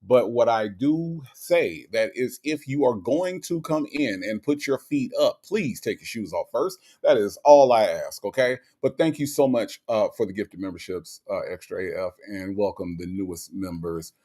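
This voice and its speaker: A man hosts an online commentary show, chatting casually and sarcastically with his viewers. He is animated, with frequent fillers and asides. His voice is fairly low, at a moderate pace with few pauses.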